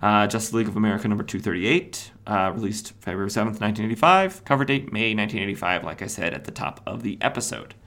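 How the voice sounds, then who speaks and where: A man's voice: lowish voice, fast, hardly any pauses, fairly bright tone. A man hosting a podcast, casually recapping stories, rambling with lots of "uh" fillers and self-corrections. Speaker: comics podcast host.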